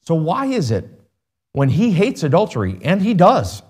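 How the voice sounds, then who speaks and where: A man's voice: fairly high pitch, wildly swooping pitch, normal speed, a little mellow, husky. A man preaching a sermon, asking his congregation rhetorical questions and reading scripture in King James wording.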